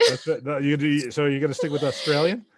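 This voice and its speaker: A man's voice: fairly high pitch, fairly even intonation, fast talker, dry recording, clean studio sound. A man hosting a podcast, chatting casually and joking around. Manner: goofy, jokey, trails off into bits. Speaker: podcast host. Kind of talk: casual chat.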